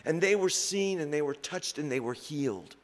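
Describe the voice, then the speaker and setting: A man preaching a sermon slowly and reflectively, with pauses. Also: on the high side, lively intonation. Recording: long reverb in a large hall.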